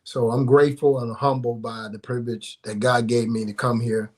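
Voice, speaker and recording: A man in his sixties speaks as a guest on a sports talk show. His voice sits at an ordinary male pitch. He tells stories heartfelt and humble, with playful ribbing in between. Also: level tone, normal speed. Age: 60s. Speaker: guest, former football player. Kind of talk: casual studio chat.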